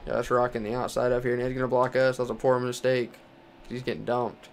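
A man's voice: medium pitch, little pitch movement, fairly quick, background noise. A young man from Texas commentating his racing game career, talking his way through the race and ranting with profanity. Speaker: gaming channel host.

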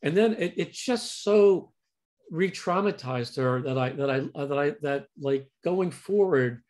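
Halting, somewhat high-voiced male host. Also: lively intonation, darkish tone. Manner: halting, searching for words. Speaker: host and psychotherapist. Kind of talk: conversational interview. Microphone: video call.

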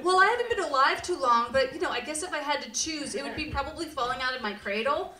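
A woman's voice: sits high, expressive, fast, sharp tone. A woman voicing a tiny baby who talks in an earnest, matter-of-fact way, in a roomy live hall from a distance. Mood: thoughtful. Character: tiny baby musing about nightmares.

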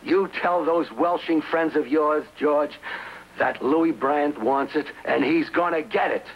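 A man's voice: a little high, measured pace. An actor playing a stubborn cabbie who bluntly demands his money, in a 1960s TV drama on a dull old soundtrack with hiss. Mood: threatening. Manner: blunt, emphatic, threatening.

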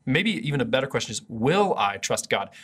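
A man's voice: medium pitch, sing-song, fairly quick, a bit bright, slightly rough. A man giving a conversational video sermon as pastor, earnest and often restarting his sentences. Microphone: camera mic for an online video.

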